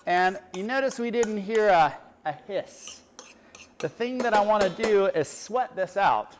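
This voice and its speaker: A man's voice: high voice, lively intonation, a little slow, a little hiss or hum. A middle-aged man, a chef, giving a chatty cooking demonstration and explaining each step as he works. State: teary from onions.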